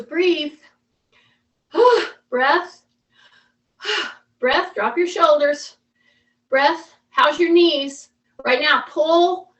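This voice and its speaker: Slow-spoken woman coaching a class. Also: high-pitched, fairly bright tone. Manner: coaching cues, patient and repetitive. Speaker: fitness instructor. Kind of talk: live mobility class instruction. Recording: echoey room, voice from far off.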